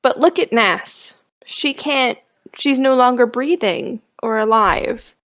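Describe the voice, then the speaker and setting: A woman playing a tabletop game talks casually in a high voice. She is slow and hesitant, often restarting and laughing. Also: fairly bright tone. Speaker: player.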